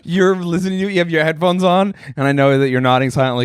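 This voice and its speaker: A man's voice: a little high, fairly even intonation, fast, smooth, no room sound, clean studio sound. A man in his thirties co-hosting a comedy podcast, laughing often and ribbing his co-host with mock outrage. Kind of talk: casual comedic banter. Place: home studio room.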